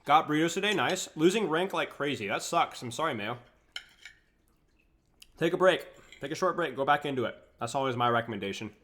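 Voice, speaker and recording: A young man coaches a video game on a live stream, chatting casually and relaxed as he answers viewers' questions between bites of food. His voice is a little high and brisk.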